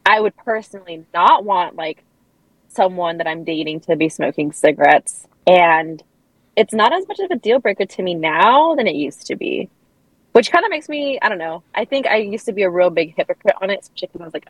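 A woman with a low but very lively voice, chatting candidly on a podcast. She rambles and leans on filler words, recorded dry and close to the mic. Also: brisk, dry recording, poor audio. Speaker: podcast co-host. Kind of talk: casual podcast chat.

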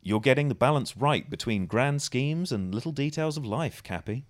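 A man's voice: medium pitch, expressive, normal speed. A man co-hosting a podcast, reading articles aloud with dry, wry asides in casual banter.

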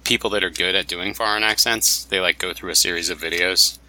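Male co-host, deep but very bright tone, animated and joking. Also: fairly quick, poor audio. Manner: joking, interrupting with questions. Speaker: podcast co-host. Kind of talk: casual chat.

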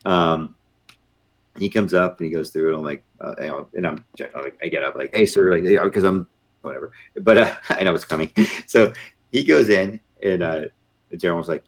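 A man's voice: low voice, brisk. A middle-aged man, a former Marine officer, telling a story in a casual interview and acting out the voices of the people in it. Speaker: podcast guest, retired Marine officer.

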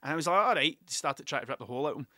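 A man's voice: mid-range voice, rapid-fire, sharp tone, no room sound, clean studio sound. A Scottish man, a musician, telling rambling, sweary stories about gigs in a casual monologue, often laughing at himself.

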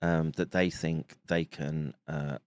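Brief: deep-voiced male commentator, halting delivery, dry close sound. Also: steady tone, dry recording. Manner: halting, with fillers and restarts. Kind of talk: monologue commentary.

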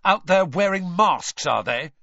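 A man's voice: sits high, animated, a little slow, bright, forceful tone, no room sound, distant mic, dull audio, voice pushed up, full character voice. Man voicing a fierce teen boy wizard, snarling, temper rising, dry sound.

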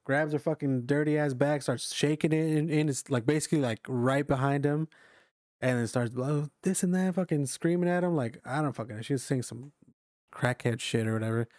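A man's voice: mid-range voice, brisk, darkish tone, no echo, studio quality. Profane young man rambling through a story. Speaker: storyteller among friends. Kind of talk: casual chat.

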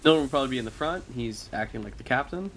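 A man playing a tabletop game, chatting casually with plenty of fillers and quick asides. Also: medium pitch, animated, a bit bright, a little hiss or hum. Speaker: player.

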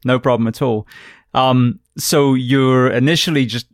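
A man's voice: mid-range voice, fairly even intonation, measured pace, dry recording, studio quality. A man hosting an interview, reassuring and easygoing as he steers the questions. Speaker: podcast host.

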